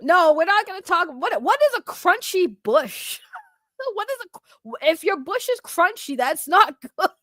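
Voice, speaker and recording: A young woman talks loudly and excitably, laughing often as she riffs with her stream chat. Her voice sits high and is captured close and dry, with no room around it. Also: normal speed, dry recording. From Boston, Massachusetts. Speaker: streamer reacting to videos. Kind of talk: casual reaction stream chat.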